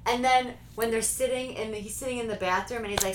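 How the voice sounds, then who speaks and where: A woman chatting casually about movies, animated and laughing often. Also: a little high, fast. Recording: echoey room with faint noise.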